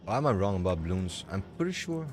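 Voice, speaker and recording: This streamer has a low voice with big pitch swings and a quick pace, talking casually as he plays. His opinionated rambling is full of restarts, set against loud music and slight noise.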